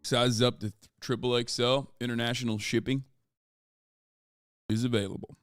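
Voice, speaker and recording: Profane, exasperated male streamer, smooth voice. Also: mid-range voice, little pitch movement, moderate pace, dry recording, studio quality. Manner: profane, exasperated, reads chat comments aloud. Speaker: livestreamer selling merch. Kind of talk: casual livestream chat.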